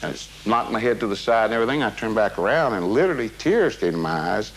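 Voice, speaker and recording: A man's voice: fairly low pitch, lively intonation, fast talker, a bit bright, slight background noise, low-quality recording. A man being interviewed, recounting a personal memory in a rambling, casual way with many fillers and restarts. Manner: casual, drops "man" into his talk.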